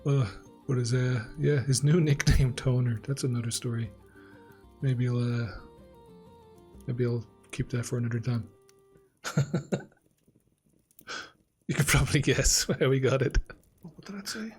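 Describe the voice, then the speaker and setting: A man's voice: mid-range voice, steady tone, a little slow, pauses often, darkish tone, faint music behind. An Irish man, host of a gaming channel, casually tells a rambling story over gameplay and laughs often. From Ireland.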